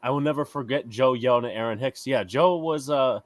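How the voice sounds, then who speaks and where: A man co-hosting a casual sports podcast, telling stories in a profane, animated way. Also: medium pitch, fairly quick, dry recording. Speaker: podcast host.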